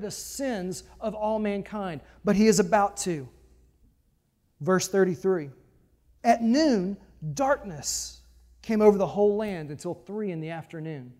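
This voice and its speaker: A pastor reads scripture aloud and then preaches on it, his voice swelling loud on key phrases before dropping low.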